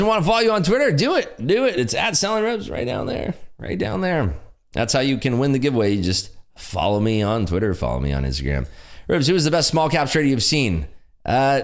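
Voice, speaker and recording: A man with a loud, projecting voice hosts a casual day-trading livestream. His pitch swings widely as he reads out and answers viewer comments. He is upbeat and eager, with a voice made to fill a room. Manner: lively, enthusiastic, frequent laughs.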